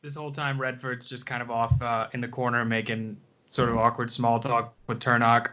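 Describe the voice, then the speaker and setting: A man's voice: mid-range voice, little pitch movement, normal speed, sharp tone, lo-fi sound. A man playing a tabletop game, describing his character in a dry, understated way. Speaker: player.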